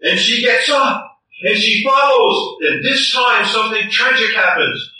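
A man's voice: extremely high pitch, measured pace, pushed and bright, slight background noise. A man preaching a sermon, telling the story dramatically and acting out its scenes. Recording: echoey room from a distance.

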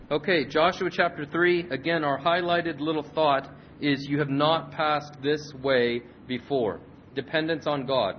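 A man preaching a sermon and leading a prayer, earnest, repeating and restarting phrases. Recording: slightly muffled recording with faint rumble.

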